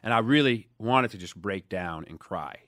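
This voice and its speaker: A man in his thirties from Dallas, telling stories in a casual interview, animated, swinging between loud emphasis and quiet asides. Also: on the low side, normal speed, dry recording, studio quality. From Dallas, USA. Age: 30s. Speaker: guest.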